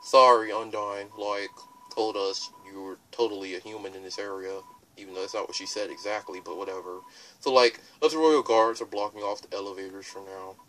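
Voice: sits low, steady tone, brisk, fairly bright tone, far from the mic, slight background noise, pitched below the performer's own voice, poor audio. A let's player voicing a laid-back royal guard from a video game, mumbling in a slack way.

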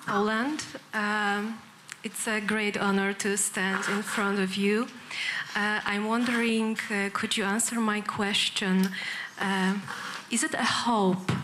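A woman journalist asks a formal, careful question at a press conference. She speaks slowly and evenly, with little rise and fall. Faint room noise hums behind her. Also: mid-range voice, level tone.

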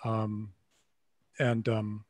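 A man in casual chat on a video call, telling a story with many pauses and ums. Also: lowish voice, completely flat delivery, darkish tone, dry recording. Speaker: musician guest.

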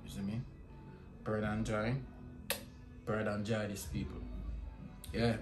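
Jamaican guy vlogging at home, lowish voice, chatty, echoey room with music going behind. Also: little pitch movement, takes it slowly. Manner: chatty, keeps asking "you see me?". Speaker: family vlogger. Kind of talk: casual vlog chat.

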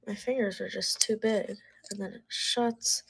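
A woman in her twenties chatting casually on a live sales stream, talkative and quick to laugh at her own slips. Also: medium pitch, fairly even intonation, gravelly, slightly rough. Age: 20s. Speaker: live online seller. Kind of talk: casual live-sale chat.

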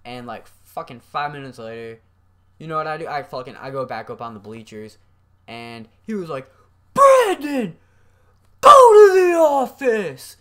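A man's voice: medium pitch, moderate pace, fairly bright tone. A young man casually telling a school story, rambling and swearing freely with lots of fillers. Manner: profane, rambling with many fillers. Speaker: vlogger.

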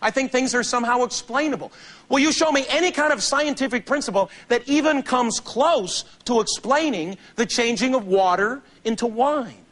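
A man performing a stand-up monologue on a theater stage, telling stories in an animated, sardonic way. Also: very high-pitched, normal speed. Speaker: comedian. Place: theater stage before a large audience.

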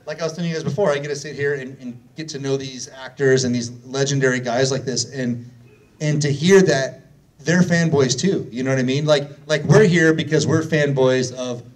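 A man's voice: medium pitch, moderate pace, far from the mic, poor audio. A man moderating a convention panel, chatty and enthusiastic like a fan. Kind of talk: casual convention panel hosting.

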